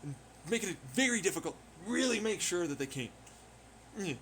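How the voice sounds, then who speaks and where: A man's voice: high-pitched, expressive, brisk, fairly bright tone, slight background noise. A man rambling in a profane monologue, firing off rhetorical questions. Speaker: vlogger.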